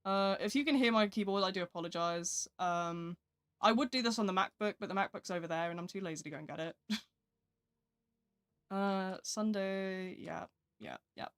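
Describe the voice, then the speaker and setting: A woman's voice: medium pitch, moderate pace, clean tone. Chatty young British woman streaming. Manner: chatty, rambling, self-deprecating, reads chat aloud. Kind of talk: live gameplay stream chat.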